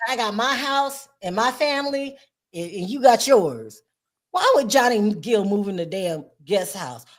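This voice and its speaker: A woman hosting a casual livestream chat, talkative and expressive, laughing often. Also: medium pitch, measured pace. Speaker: host.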